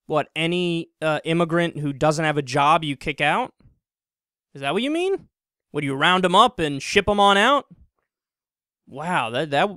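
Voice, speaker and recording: Male commentator with a high voice and a mocking, swearing rant, recorded dry. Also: a bit bright, no echo. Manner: sarcastic, mocking, profane rant. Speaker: political commentator. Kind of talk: online political commentary.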